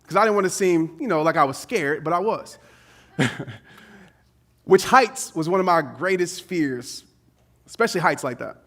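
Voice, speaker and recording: A motivational speaker with a fairly high voice tells a personal story to a live audience. He talks casually and with animation, using slang and laughing at himself. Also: lively intonation, unhurried, pauses often, fairly bright tone.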